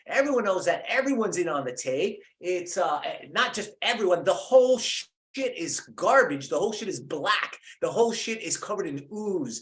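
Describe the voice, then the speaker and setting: A man's voice: high voice, a bit bright. A man hosting a podcast, delivering a heated, profane, rambling solo rant. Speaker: podcast host.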